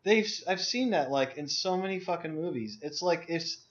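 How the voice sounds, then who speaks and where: Young man, ranting casual call chat, slightly high voice, dull lo-fi audio. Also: lively intonation, normal speed. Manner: blunt, profane, emphatic ranting. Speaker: discussion co-host. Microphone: video call.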